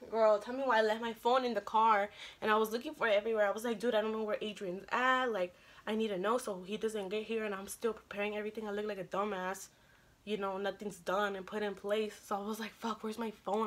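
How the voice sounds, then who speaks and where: Young female vlogger, chatty storyteller who acts out quotes, mid pitch. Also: fairly quick, a bit bright. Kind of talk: casual storytelling.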